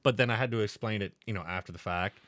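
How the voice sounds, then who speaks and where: A man's voice: lowish voice, quick pace, fairly bright tone, dry recording, clean studio sound. A man co-hosting a podcast in casual chat, telling rambling, profane jokes. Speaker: podcast co-host.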